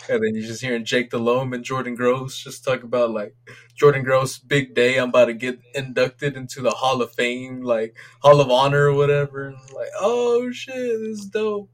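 A man co-hosting a casual sports podcast, rambling and swearing excitably as he rants about his team's games. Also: mid-range voice, fairly quick. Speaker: podcast co-host.

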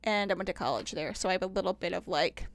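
A woman's voice: fairly low pitch, fast. Upbeat Midwestern woman telling stories. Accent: Upper Midwest American. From Indiana, United States. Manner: animated storyteller, acts out quotes, swears freely. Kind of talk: casual chat.

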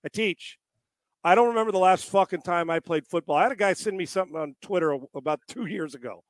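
An exasperated man who trains quarterbacks, with a high voice recorded close and dry. He swears freely and mocks gimmicky training drills in casual, profane storytelling. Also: quick pace, dry recording.

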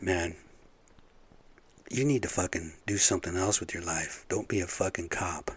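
Middle-aged man, low-pitched, angry rambling rant full of swearing, dry close sound. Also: normal speed, slightly rough, no echo. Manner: angry, profane, rambling with fillers. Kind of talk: casual rant.

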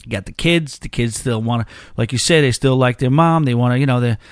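A man's voice: medium pitch, brisk, smooth, dry recording, clean studio sound. A man hosting a podcast, chatting casually in a loose, rambling way, with many restarts. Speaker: podcast host.

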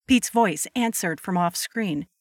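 A woman narrating a scripted horror story at a measured pace. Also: mid-range voice, expressive, dry recording, studio quality.

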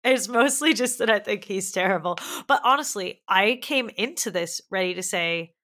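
A woman's voice: mid-range voice, expressive, moderate pace, a bit bright. A woman co-hosting a casual film review podcast, talking emphatically, swearing and laughing as she rants. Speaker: podcast co-host.

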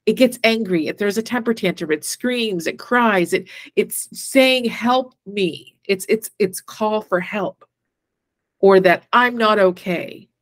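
A woman's voice: mid-range voice, measured pace, no echo. Chatty woman on a dry mic. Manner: animated, uses many "like" fillers and acted-out quotes. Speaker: podcast co-host. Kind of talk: casual spiritual chat.

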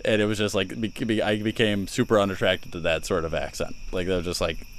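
A man's voice: low-pitched, flat delivery, fast, a little hiss or hum. A man hosting a podcast who chats casually, laughing often and restarting his sentences. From Chicago area. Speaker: podcast host. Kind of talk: casual chat.

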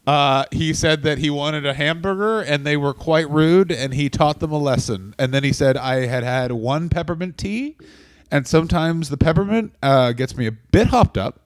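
Sarcastic, profane comedian riffing. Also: male voice, on the high side, moderate pace, no room sound, clean studio sound. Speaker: comedian podcast co-host. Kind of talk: casual comedic chat.

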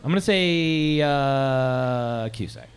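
A man's voice: mid-range voice, lively intonation, slow pace, clean tone. A man bantering and guessing answers in a casual trivia chat, joking and swearing freely.

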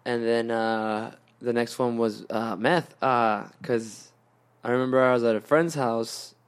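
A man's voice: mid-range voice, fairly even intonation, measured pace, clean tone. A young man telling a long story in casual chat, slangy and profane, with lots of restarts. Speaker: podcast guest telling a story.

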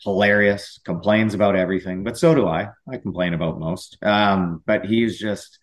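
A man's voice: low voice, fairly even intonation, moderate pace. A man, a former pro hockey player, chatting as a podcast guest and telling rambling stories with many restarts. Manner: rambling storyteller with frequent restarts. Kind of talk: casual chat.

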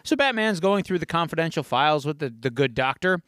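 Podcast guy, high bright voice, animated storytelling recap, dry close mic. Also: brisk, no room sound. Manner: animated storytelling, acting out quotes. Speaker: podcast host. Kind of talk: casual episode recap.

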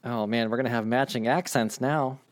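A man's voice: mid-range voice, fairly even intonation, brisk. A man acting as game master, explaining rules casually and swearing now and then. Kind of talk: running a tabletop game.

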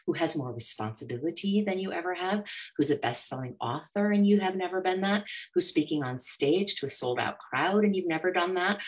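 A woman who is a money coach, speaking as a guest in an interview and acting out inner voices with animated energy. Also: lowish voice. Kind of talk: motivational interview talk.

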